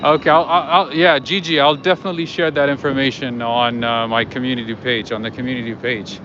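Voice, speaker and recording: A man's voice: medium pitch, little pitch movement, quick pace. A man hosting a livestream walk, chatting casually and rambling to his viewers with lots of fillers while outdoors at night. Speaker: livestream host. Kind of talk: casual walking commentary to viewers. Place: outdoors on city streets at night. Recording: muffled with loud street noise.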